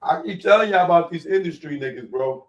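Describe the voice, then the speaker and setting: A man hosting a commentary show, reacting to a news story with loud, drawn-out incredulous exclamations and bursts of laughter. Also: fairly high pitch, lively intonation.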